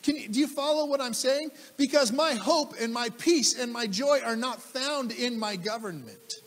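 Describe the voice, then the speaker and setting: A man's voice: very high-pitched, moderate pace, long reverb tail. A man preaching a sermon as pastor, emphatic, repeating key phrases and putting questions to the congregation. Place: church sanctuary.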